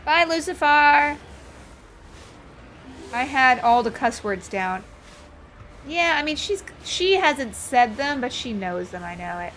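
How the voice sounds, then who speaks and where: A woman's voice: fairly high pitch, expressive, a little slow, a bit bright, slight background noise. A woman chatting casually while she streams a video game, telling stories and reacting to the play. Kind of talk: casual chat while gaming.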